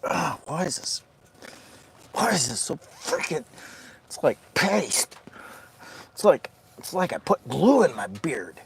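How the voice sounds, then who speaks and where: A man's voice: on the high side, very animated, slow, creaky, long pauses, background noise. A man chats loosely to his viewers from inside a heated tent on a rainy camping trip. He sweats in the heat and rambles from one thought to the next. Now and then he turns to his dog in a doting, sing-song tone. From Michigan. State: hot and sweating. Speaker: outdoor vlogger and live streamer. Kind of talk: casual live-stream chat.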